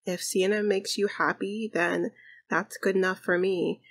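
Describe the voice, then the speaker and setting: A woman's voice: medium pitch, fairly even intonation, a little slow. A woman voicing a frank, hesitant grown daughter who forgives her father. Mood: candid. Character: adult daughter, candid and forgiving.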